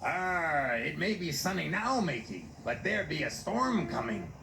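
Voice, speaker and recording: A man voicing a gruff old male dockside diesel engine who talks like a sailor, in a storybook reading with music behind. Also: a little high, big pitch swings, unhurried, roomy sound, pitched above the performer's own voice, full character voice. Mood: warning. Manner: salty sea-dog phrasing.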